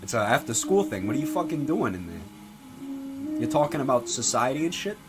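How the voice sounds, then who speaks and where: A man playing a gruff, foul-mouthed, middle-aged mob-style father in a comedy sketch. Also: medium pitch, big pitch swings, normal speed, natural voice, rough recording. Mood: fatherly lecture. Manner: swaggering, profane, tough-guy drawl. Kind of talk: comedy sketch character acting. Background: music playing.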